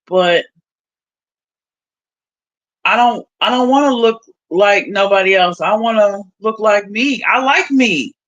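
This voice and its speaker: Blunt, bright-voiced woman streamer. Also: medium pitch, slow pace, pauses often, highs cut off. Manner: blunt, profane, laughs often. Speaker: livestream host. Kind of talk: casual livestream chat.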